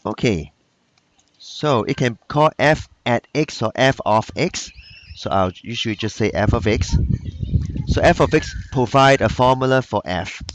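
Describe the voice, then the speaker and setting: A man's voice: mid-range voice, a little slow, slight background noise. A man teaching math in a recorded lesson. He speaks patiently, repeats each key point, and talks in plain phrasing with loose grammar.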